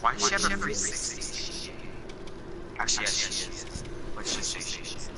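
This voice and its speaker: A man's voice: lowish voice, sing-song, moderate pace, very noisy. A man on voice chat during a game, teasing his friends and swearing a lot. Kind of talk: casual gaming chat.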